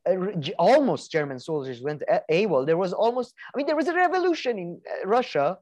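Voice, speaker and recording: A man's voice: sits high, sing-song, a little fast, a little mellow, highs cut off. A young adult man co-hosting a podcast in casual chat, rambling with lots of restarts and casual swearing. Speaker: podcast co-host.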